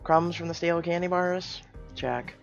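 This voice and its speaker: Man reading a story game with loud reactions. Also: a little high, normal speed, creaky, dull audio, faint music behind. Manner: animated, jumps into loud exclaimed reactions.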